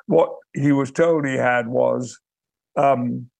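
An older man from Yorkshire speaking in received pronunciation, telling stories in a measured, thoughtful way as a guest, pausing to search for words. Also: medium pitch, fairly even intonation, vocal fry, darkish tone, no room sound. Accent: British received pronunciation. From Yorkshire, England. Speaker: guest, actor and memoir author. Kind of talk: reflective interview storytelling.

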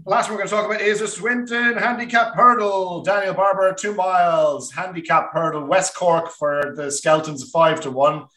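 A man's voice: sits high, fairly even intonation, moderate pace, few pauses, sharp tone, echoey room. A man hosting a casual horse racing tips podcast with jokey banter. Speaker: podcast host.

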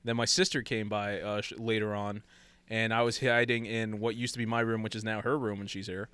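A man's voice: lowish voice, brisk, clear, resonant tone, no echo. A man in casual podcast chat, telling a long story with lots of acted-out quotes and laughter. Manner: animated, acts out quoted voices, laughs often.

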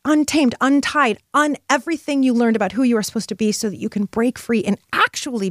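A middle-aged woman with a bright, somewhat high voice delivers a motivational podcast monologue. She speaks with fervent, spiritual conviction, leaning hard into her key words. The sound is close and dry, with no room around it. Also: a little fast, few pauses, dry recording. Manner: impassioned, emphatic, spiritual. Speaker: podcast host.

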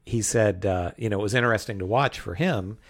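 A man's voice: lowish voice, a little fast. A man co-hosting a podcast, reviewing a film in casual chat, rambling and hesitant. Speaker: podcast co-host.

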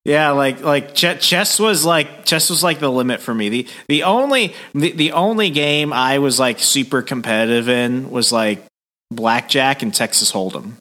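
A man's voice: medium pitch, normal speed, pushed and bright. A man co-hosting a podcast, chatty and self-deprecating, with a lot of filler words. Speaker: podcast co-host. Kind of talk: casual chat.

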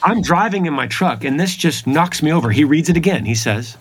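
Guy telling his faith story, earnest and emphatic, kinda husky, higher voice. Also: big pitch swings, brisk, few pauses. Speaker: podcast guest. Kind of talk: personal testimony in conversation.

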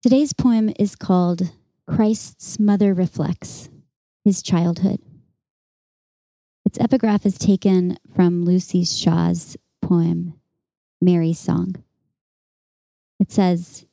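A woman hosting a contemplative podcast, speaking gently and softly and reading her own poem in an unhurried way. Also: on the low side, fairly even intonation, vocal fry, no echo, rough recording. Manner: gentle, unhurried, soft-spoken. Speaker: podcast host.

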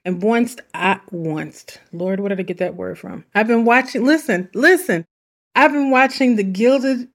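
A woman's voice: medium pitch, expressive, a little slow. A woman hosting a self-help podcast, speaking in an earnest, chatty way with asides. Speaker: podcast host. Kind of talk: reflective self-help talk.

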